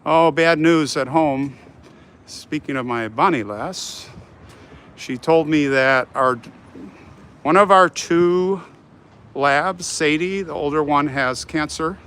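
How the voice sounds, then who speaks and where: A man's voice: fairly high pitch, slow pace, fairly bright tone, clean tone. A middle-aged American man hosting a live stream, chatting casually and reading viewer comments aloud while he walks. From United States. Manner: chatty, friendly, rambling, talks straight to viewers. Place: outdoors on a city street while walking. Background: faint street and traffic noise.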